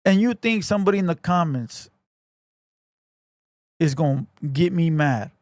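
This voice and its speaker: A man with a slightly high voice, talking in a blunt, swearing, laid-back street way. His sound is close and dry, with no room behind it. He chats casually as a stream host. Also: expressive, unhurried, pauses often, dry recording. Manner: profane, blunt, laid-back street slang, calls everyone "fool". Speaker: podcast host reading viewer comments. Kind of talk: casual livestream chat.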